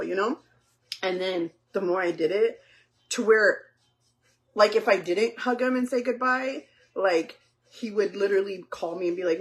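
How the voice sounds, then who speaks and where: A woman's voice: mid-range voice, unhurried. A woman and mother chatting casually with her viewers while making dinner, talking directly to them with lots of fillers. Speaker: livestream host and mother. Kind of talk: casual chat while cooking.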